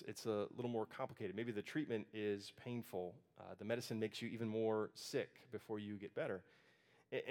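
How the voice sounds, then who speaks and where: A man preaching a sermon, speaking earnestly and conversationally and often restarting his phrases. His voice sits at an ordinary middle pitch. It rings out with a long reverb, as in a church sanctuary. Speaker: pastor.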